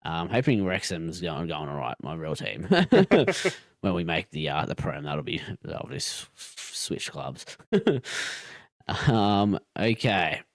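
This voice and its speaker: Laughing man, low dry voice. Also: big pitch swings, slow, vocal fry, no room sound. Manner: laughing, sweary, hesitant. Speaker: podcast co-host. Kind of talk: casual chat.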